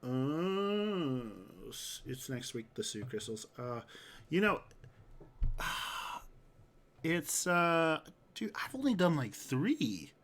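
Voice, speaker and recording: Slow-talking male game streamer. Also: fairly high pitch, very animated, a bit bright. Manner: chatty, says "dude" often, reacts to chat. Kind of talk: casual livestream commentary.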